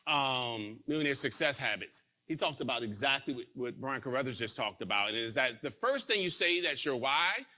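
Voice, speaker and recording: A man's voice: mid-range voice, lively intonation, normal speed, hardly any pauses, bright, forceful tone. A man giving a motivational sales training talk, telling a story and acting out the quoted dialogue in it.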